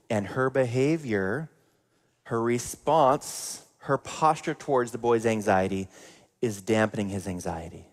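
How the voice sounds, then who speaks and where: A man's voice: mid-range voice, unhurried. A man preaching a sermon in a conversational way, acting out everyday examples. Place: church sanctuary. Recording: long church reverb.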